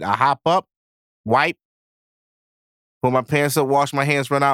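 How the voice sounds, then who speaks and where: A young man hosting a podcast, telling a story in a casual, animated way, swearing and laughing as he goes. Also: medium pitch, a little slow, long pauses, clean tone, no room sound. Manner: animated, profane, laughing while he tells it. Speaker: podcast host.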